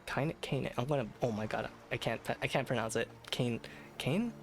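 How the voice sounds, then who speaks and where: Late at night, a man streaming as a VTuber chats at a moderate pace with a medium-pitched voice, background noise audible. He rambles casually and puts himself down, with many fillers and restarts.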